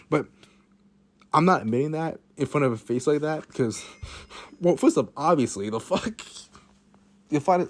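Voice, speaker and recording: Man with a casual, rambling storytelling monologue, repeating lines and swearing. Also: fairly high pitch.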